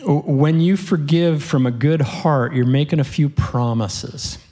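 A man whose voice is a little high speaks slowly as he preaches. He tells his congregation a heartfelt story in an earnest manner, occasionally laughing softly, as a piece of sermon storytelling.

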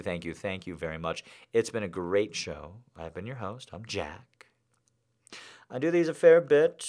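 A man hosting a live comedy show, reading a story aloud and signing off in an animated, rambling, self-deprecating way. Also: lowish voice. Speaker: host.

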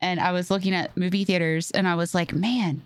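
A woman's voice: lowish voice, flat delivery, quick pace, clean tone, dry recording. A woman co-hosting a podcast in casual chat, blunt and sarcastic, swearing often. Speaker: podcast co-host.

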